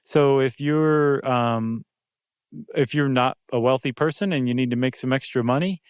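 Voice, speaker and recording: A man's voice: mid-range voice, moderate pace, clean tone, dry recording, clean studio sound. A man co-hosting a podcast in casual chat, jokey and chatty with filler ums. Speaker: podcast co-host.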